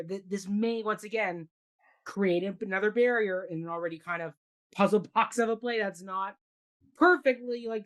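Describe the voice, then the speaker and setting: A woman co-hosting a casual theatre review chat, rambling with many fillers and restarts. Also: mid-range voice. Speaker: podcast co-host.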